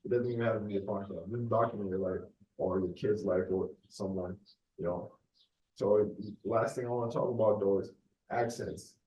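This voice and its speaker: Young man, American accent with a faint Nigerian edge, low voice, loose rambling podcast talk, a bit off-mic. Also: steady tone, normal speed, mellow, echoey room, recorded from a distance, lo-fi sound, a little hiss or hum. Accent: American with a light Nigerian accent. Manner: loose and rambling, full of fillers like "you know" and "like". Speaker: podcast host. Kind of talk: casual solo podcast monologue.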